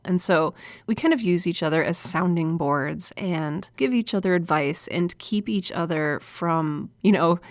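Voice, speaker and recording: Speaking near a studio microphone with no echo, a woman on her solo podcast sounds earnest and confiding, a smile audible in her voice. Her pitch is on the low side.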